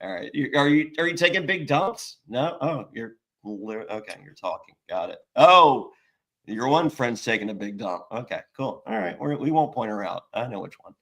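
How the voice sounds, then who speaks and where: A man's voice: medium pitch, expressive, moderate pace, fairly bright tone. A man hosting a casual reality-show recap, joking and acting out quotes from the episode. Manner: jokey, recaps scenes in mimicked quotes. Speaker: podcast host.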